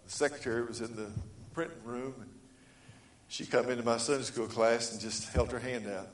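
A man preaching a sermon, reading scripture and swinging between loud emphatic lines and quiet ones. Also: steady tone, moderate pace, echoey room. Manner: rises to loud emphatic preaching, then drops low; reads scripture aloud in old-fashioned wording. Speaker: pastor.

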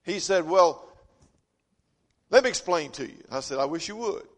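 Man preaching, high voice, folksy storyteller, long hall reverb. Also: expressive, moderate pace. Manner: folksy storytelling, swinging from loud emphasis to quiet asides. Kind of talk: sermon.

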